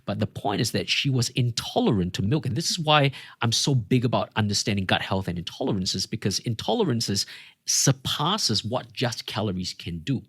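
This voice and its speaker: A man's voice: fairly low pitch, moderate pace, breathy edge, no echo, studio quality. A man, a fitness coach from Australia, talking as a podcast guest, telling stories animatedly and acting out what people said. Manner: animated storyteller acting out quotes. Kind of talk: casual podcast conversation.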